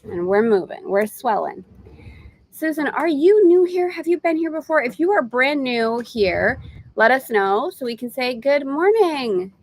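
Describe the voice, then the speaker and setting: A spiritual course teacher leads a live online lesson indoors while travelling in Greece, chatting casually with viewers between readings. Her high, lively voice moves at a moderate pace, full of warm, chatty asides and bursts of laughter. The audio is poor.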